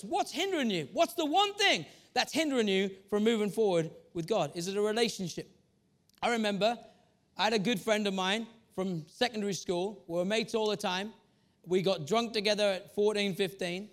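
A man's voice: high-pitched, a bit bright. A man preaching a sermon, telling stories from his own life and changing his pace often. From Northeast England.

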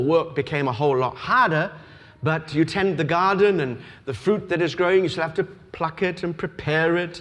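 Australian-raised preacher man, higher voice. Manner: storytelling, rising to emphatic preaching. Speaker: pastor. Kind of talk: sermon.

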